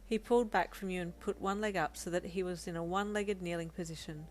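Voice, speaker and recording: A woman reading fan fiction aloud, narrating a second-person story in a soft, calm way. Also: fairly low pitch, fairly quick, hardly any pauses.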